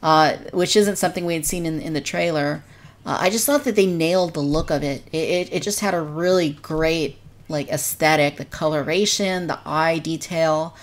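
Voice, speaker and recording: A woman's voice: sits low, moderate pace. A woman co-hosting a casual podcast discussion, reviewing in an earnest, detailed way. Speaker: podcast co-host.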